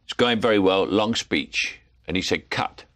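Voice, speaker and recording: A man's voice: low-pitched, moderate pace, fairly bright tone. An older man with a Cockney accent, a film actor guest telling anecdotes in an interview. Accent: London Cockney. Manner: storytelling, laughing, puts on voices in quotes.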